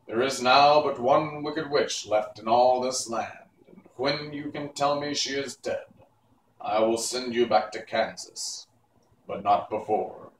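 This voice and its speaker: A man reading aloud and voicing a stern giant magic head that gives slow, loud commands. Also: medium pitch, roomy sound, far from the mic, a little hiss or hum, natural voice, poor audio. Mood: stern commanding.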